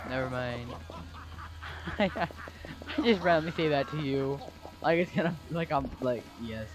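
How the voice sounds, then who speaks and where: A gamer giving casual gameplay commentary with excitable trash talk, yelps and gasps. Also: medium pitch, measured pace. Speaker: gamer playing online.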